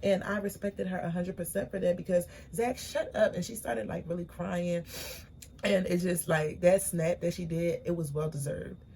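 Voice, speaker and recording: Gravelly young woman recapping reality TV. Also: on the low side, fairly even intonation, moderate pace, mellow, a little hiss or hum. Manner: chatty, opinionated, slangy storytelling. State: tired, late at night. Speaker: recap vlogger. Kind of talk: casual reality-show recap.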